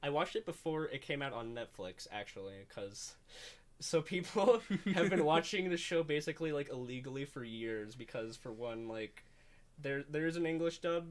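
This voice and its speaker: A man's voice: a little high, animated, normal speed. A young man hosting a casual chat, rambling with lots of fillers and the odd curse. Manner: rambling, full of "like" fillers and swearing. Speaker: host.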